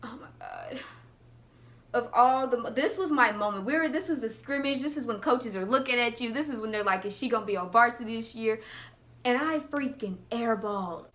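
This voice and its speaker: A young woman tells funny stories to her camera. Her voice is bright and rather high, and she acts out each quote with animated energy. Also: brisk. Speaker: vlogger. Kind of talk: casual storytelling.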